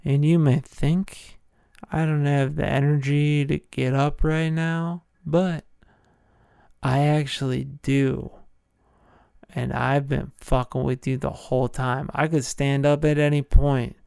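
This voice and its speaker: A male podcast host talks through a film recap, rambling and joking with open enthusiasm. His voice is gravelly yet smooth and clear, and his pace is slow. It is recorded close and dry. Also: a little high, level tone, darkish tone, no echo.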